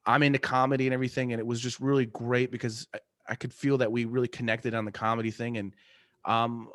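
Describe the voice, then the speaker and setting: A man's voice: medium pitch, little pitch movement, fast, fairly bright tone, dry recording, studio quality. Rambling, laughing man in a casual interview. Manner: rambling, many fillers and restarts, laughs often. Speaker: artist and podcast host, interview guest.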